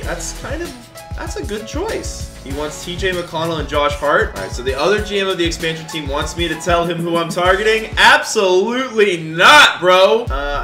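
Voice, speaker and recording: A man's voice: a little high, pushed and bright, roomy sound. A young man giving casual, chatty game commentary to his viewers. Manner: chatty, talks to viewers as guys. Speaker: gaming YouTuber.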